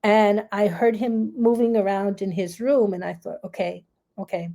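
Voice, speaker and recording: A woman coach calmly telling a personal story in a reflective, unhurried way. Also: mid-range voice, creaky. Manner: calm, reflective, acts out her own fearful self-talk. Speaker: grief relief coach and host.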